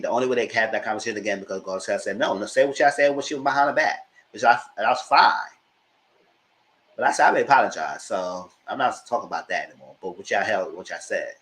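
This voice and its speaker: A man giving a casual spoken recap of reality TV shows at home, colloquial and animated. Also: quick pace, slight background noise. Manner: animated, mocks people in high put-on voices; colloquial, with "y'all". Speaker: commentator.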